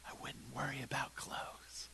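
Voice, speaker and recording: A man's voice: sits high, big pitch swings, normal speed, voice pushed up, exaggerated voice. A man voicing Jesus as a patient, amused teacher in a retold scene, answering his questioners with playful repetition. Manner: gently insistent, playfully repetitive. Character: patient, amused male teacher pointing at birds.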